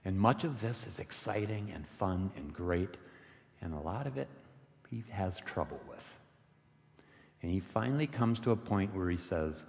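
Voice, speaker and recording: Deep-voiced man telling a parable in church. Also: expressive, gravelly, big-room sound. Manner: unhurried, gentle retelling of a parable. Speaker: lay worship speaker. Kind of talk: storytelling sermon. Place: church sanctuary.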